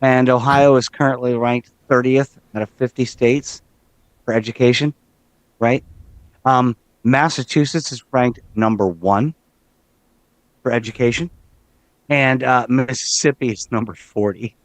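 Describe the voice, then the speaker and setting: A man's voice: mid-range voice, fairly even intonation, a little slow, long pauses, dry recording, rough recording. A man co-hosting a podcast, reading off rankings in a casual way with dry, sarcastic asides. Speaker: podcast co-host. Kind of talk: casual chat reading stats.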